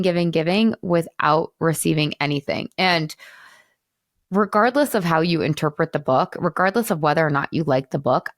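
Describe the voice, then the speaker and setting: A woman in her thirties hosting a podcast, talking in an animated, emphatic way and at times near tears. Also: on the low side, no room sound, clean studio sound. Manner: animated, emphatic, tearful at moments. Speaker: podcast host. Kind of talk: emotional podcast monologue.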